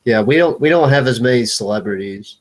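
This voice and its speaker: A man's voice: mid-range voice, lively intonation, fairly quick. A young man in casual conversation, laid-back and hesitant, trailing off with fillers. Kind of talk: casual chat.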